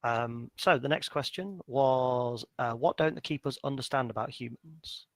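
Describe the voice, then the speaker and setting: A man in a casual podcast chat, talking as the game master who ran the session. He rambles in an animated way with plenty of fillers. His voice sits at a middle pitch, and the recording is dry and close. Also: normal speed, no room sound.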